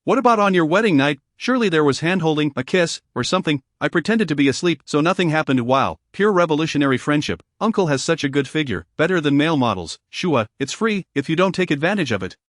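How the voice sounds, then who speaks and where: Man reading a novel, dry and steady. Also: on the high side, fast, few pauses, no room sound. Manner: even, steady reading that voices every character alike. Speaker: narrator. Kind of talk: scripted audiobook narration.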